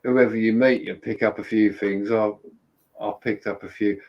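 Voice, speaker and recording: A man's voice: lowish voice, steady tone, normal speed, highs cut off. A man from England hosting a casual live chat, chatty and telling stories, sometimes quoting other people in voices. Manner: chatty, storytelling with quoted voices.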